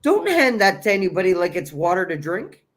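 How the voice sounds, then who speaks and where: A man's voice: sits high, very animated, brisk, a bit bright. Earnest man giving motivational spiritual talk. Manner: earnest, encouraging, repeats key phrases. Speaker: host of a spiritual livestream. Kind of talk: motivational self-help talk.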